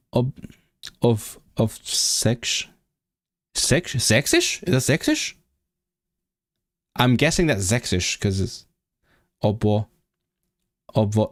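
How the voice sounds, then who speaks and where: A man chatting casually on a live stream, thinking aloud and eagerly sounding out foreign words. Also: fairly low pitch. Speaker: language-learning streamer.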